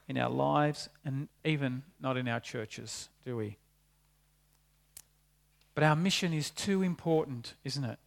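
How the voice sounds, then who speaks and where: A man's voice: a little high, normal speed, vocal fry. A man preaching a sermon, talking conversationally and asking the congregation rhetorical questions. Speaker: pastor.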